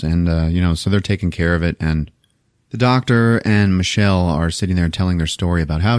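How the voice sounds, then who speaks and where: A man's voice: on the low side, animated, moderate pace, no room sound, studio quality. A man casually retelling a movie plot on a podcast, swearing freely, laughing often and acting out the characters' lines. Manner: profane, laughing, acts out characters. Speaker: podcast host.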